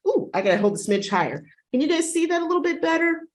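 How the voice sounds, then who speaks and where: A woman's voice: extremely high pitch, very animated, quick pace. A woman librarian giving a chatty, enthusiastic booktalk on a video call webinar. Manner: enthusiastic, chatty, acts out dog sounds.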